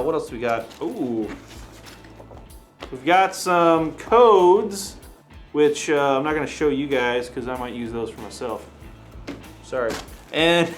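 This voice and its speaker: A man hosting an unboxing, chatting casually, chuckling and thinking aloud as he goes. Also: fairly high pitch. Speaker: host.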